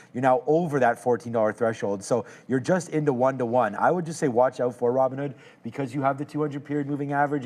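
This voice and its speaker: A man hosting a live trading show, moving from teasing banter with a co-host into relaxed, thoughtful stock market commentary. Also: mid-range voice. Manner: joking, teasing, then thoughtful analysis.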